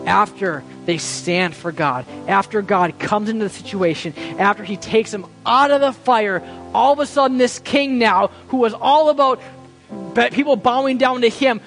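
A man preaching a sermon as pastor, impassioned, swinging between loud pleading and hushed quiet lines. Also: high voice.

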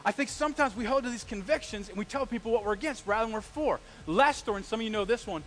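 A man, a pastor, preaching a live sermon, telling stories in an animated way and asking the congregation questions. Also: sits high, fast talker, low-quality recording.

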